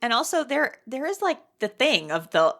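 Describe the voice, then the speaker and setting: A woman co-hosting a casual book club podcast, telling her points in an animated way with frequent laughter. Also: high-pitched, moderate pace. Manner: animated storytelling, often laughing. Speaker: podcast co-host.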